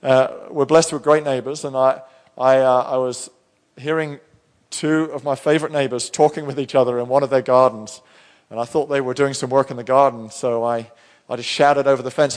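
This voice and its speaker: A man's voice: mid-range voice, fairly even intonation, brisk. A middle-aged male pastor preaching a sermon in church, talking in a conversational, storytelling way with frequent restarts.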